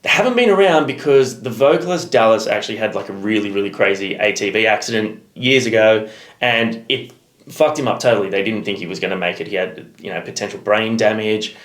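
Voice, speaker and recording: A man's voice: on the low side, fairly quick, fairly bright tone. An Australian man co-hosting a music reaction video, chatting casually and swearing freely. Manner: laid-back, swears casually. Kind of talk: casual chat. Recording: roomy echo.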